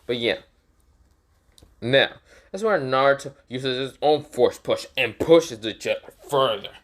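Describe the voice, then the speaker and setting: A man's voice: mid-range voice, lively intonation, measured pace. A man casually narrating an improvised fan story, rambling with many fillers and self-corrections.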